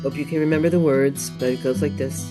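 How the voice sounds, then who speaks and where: A woman guest astrologer chatting on a radio show, meandering and quick to laugh. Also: extremely low pitch, fairly even intonation, music in the background. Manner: slow, meandering, laughs easily. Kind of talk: casual radio chat. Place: radio studio.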